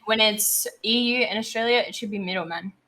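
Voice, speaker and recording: A woman's voice: mid-range voice, fairly quick, pushed and bright, rough recording. A young woman co-hosting a casual gaming podcast, chiming in with short agreements and playful teasing. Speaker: podcast co-host.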